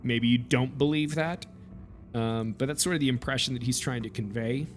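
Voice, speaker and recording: A man's voice: mid-range voice, normal speed. Man game master, casual rambling narration, faint music behind. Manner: casual, hesitant, full of fillers.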